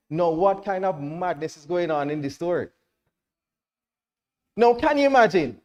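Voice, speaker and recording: A Jamaican man preaching a sermon to a congregation in church, checking that everyone follows and rising to loud, emphatic declarations. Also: high-pitched, big pitch swings, moderate pace.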